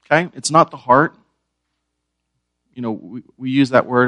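A man's voice: medium pitch, moderate pace, pauses often, dry recording, highs cut off. A man preaching a sermon, asking his listeners questions and repeating key words. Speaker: pastor.

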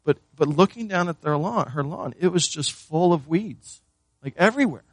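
A man's voice: fairly high pitch, lively intonation, normal speed, no echo. A man preaching a sermon as pastor, earnest, often repeating words and asking the listeners questions.

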